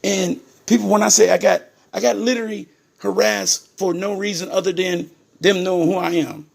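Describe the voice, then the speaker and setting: A man with a high, gravelly, husky voice tells his own story to his viewers. He is indignant and emphatic, keeps calling out to them and repeats words for stress. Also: fairly even intonation, moderate pace.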